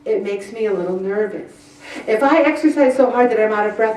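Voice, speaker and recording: A woman's voice: medium pitch, brisk. Chatty woman speaking in an echoey room. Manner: chatty and animated, acts out little voices. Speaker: weight-loss group leader. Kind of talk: group presentation. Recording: roomy echo from far off the mic.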